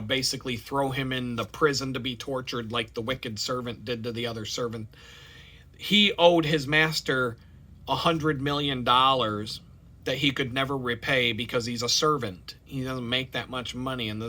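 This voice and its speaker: A man vlogging in a rambling, animated personal monologue with many fillers. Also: mid-range voice.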